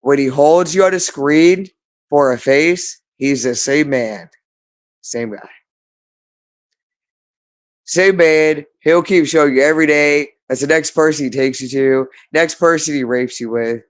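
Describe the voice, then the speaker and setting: A man's voice: on the high side, a little slow. A man delivering an agitated, rambling monologue, repeating himself and swearing often. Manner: agitated, repetitive, profane.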